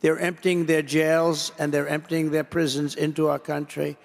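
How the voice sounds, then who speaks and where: A man's voice: a little high, little pitch movement, moderate pace, creaky, few pauses. A man giving a rally-style political speech to an association, rambling and repeating himself, on a podium microphone in a large convention hall. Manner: rambling, repetitive, digressive. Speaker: political speaker addressing an association. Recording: long reverb of a large hall.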